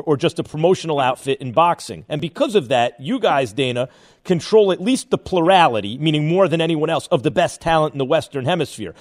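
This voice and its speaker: A man hosting a sports radio show, interviewing a guest and thinking out loud with restarts as he probes. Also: fairly high pitch. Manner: probing, thinks aloud with restarts.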